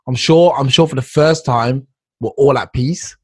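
A man in a casual conversation, meandering through his points with plenty of fillers and easygoing slang. His voice sits in an ordinary middle male pitch, relaxed and conversational. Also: measured pace, slightly rough. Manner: rambling, lots of fillers and "dude". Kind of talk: casual chat.

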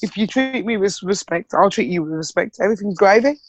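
A man's voice: high-pitched, expressive, a little fast. A man in a casual podcast chat, talking animatedly and often asking "you know what I mean?". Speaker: podcast co-host.

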